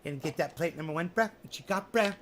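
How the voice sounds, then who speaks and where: A man's voice: a little high, fast, a bit bright, a little hiss or hum, pitched below the performer's own voice. A man voicing a laid-back young male stoner buddy who drawls the same slang over and over. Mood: lazy, teasing.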